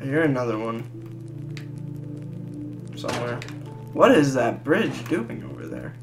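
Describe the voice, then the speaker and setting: A gamer giving casual, crude, joking commentary while playing, often bursting into loud laughter. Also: mid-range voice, very animated, a little slow, music in the background. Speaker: let's play gamer.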